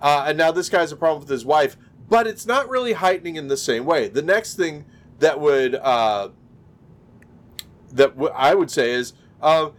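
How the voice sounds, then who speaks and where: Talking at a moderate pace in an expressive, slightly high voice, this man co-hosts a podcast over a video call. The chat is casual, and he rambles, filling it with fillers and false starts.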